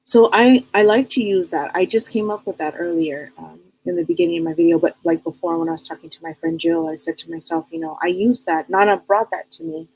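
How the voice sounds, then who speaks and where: A woman's voice: on the low side, a little fast, hardly any pauses, darkish tone, slightly rough, rough recording. A woman hosting a live broadcast as a psychic medium, talking earnestly in a casual, rambling way and often repeating and restarting her words.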